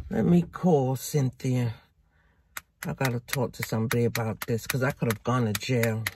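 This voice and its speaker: A woman's voice: very deep voice, background noise. An actress playing a fed-up working woman who rants indignantly and profanely to a friend on the phone. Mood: exasperated. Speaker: caller venting to a friend. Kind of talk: low-budget drama monologue.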